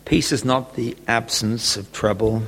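A man preaching a sermon, telling a gentle personal story and often chuckling. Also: medium pitch, steady tone, a little slow, slight background noise. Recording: long echoey reverb.

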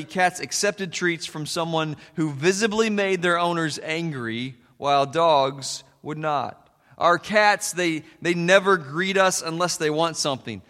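A man's voice: on the high side, fairly bright tone. Folksy pastor man in an echoing hall. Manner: folksy storytelling with many fillers. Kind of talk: sermon.

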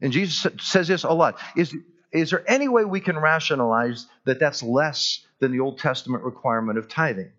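A man preaching a sermon as pastor in a church, earnest and emphatic, slowing down on key words. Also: on the high side, a bit bright, muffled recording.

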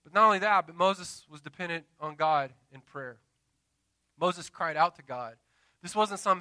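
Pastor, man, 30s; passionate sermon delivery with call-and-response asides, tense, sharp tone, close and dry. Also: sits high, dry recording. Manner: impassioned preaching with dramatic pauses and call-and-response asides. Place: church.

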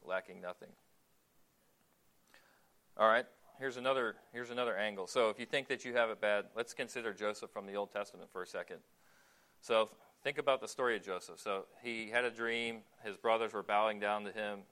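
In a voice on the low side, a man preaches casually, as though talking with the congregation. He questions his listeners and stops on filler words.

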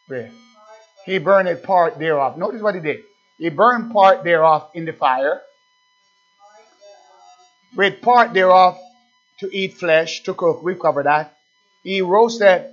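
A male pastor preaching a sermon in an animated way, firing rhetorical questions at the congregation. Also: high-pitched. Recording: dull lo-fi recording with faint music.

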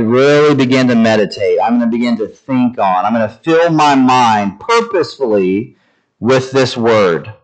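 Casting note: male preacher, mid-pitched voice, deliberate, stresses each word, teaching a congregation. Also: poor audio. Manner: slow deliberate emphasis on each word, varied delivery. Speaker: pastor. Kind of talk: sermon.

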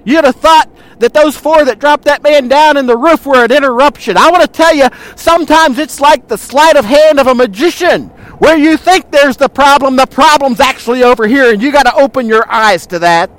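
Male pastor, sermon, very high voice, rhetorical, talks straight to the congregation. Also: normal speed, a bit bright, dry recording. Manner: rhetorical, addresses the congregation directly, retells scripture with acted quotes.

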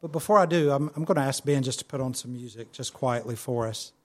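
A man preaching a sermon, telling a personal story in a conversational way with fillers, then slowing and softening into prayer. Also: medium pitch. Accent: not local to the church's area. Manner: softer and slower when praying. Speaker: pastor.

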